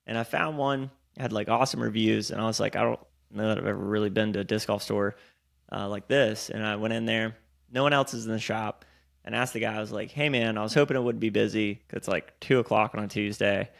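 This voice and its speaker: A man, co-hosting a podcast in casual chat and telling animated, swear-laced stories. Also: fairly low pitch, fast talker, gravelly. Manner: animated storyteller, swears freely. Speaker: podcast co-host.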